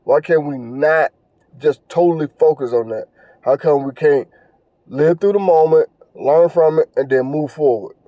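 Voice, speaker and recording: A man's voice: fairly high pitch, moderate pace, dry recording, lo-fi sound. A man hosting a podcast, talking on his own in a casual, earnest and preachy way, repeating phrases and stumbling over fillers. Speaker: podcast host. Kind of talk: casual monologue commentary.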